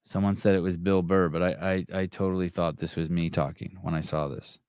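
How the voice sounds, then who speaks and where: A man's voice: low voice, flat delivery, fairly quick, darkish tone, smooth, no echo, clean studio sound. A man hosting a podcast livestream in a rambling, wry way, swearing freely. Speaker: podcast host. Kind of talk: casual livestream chat.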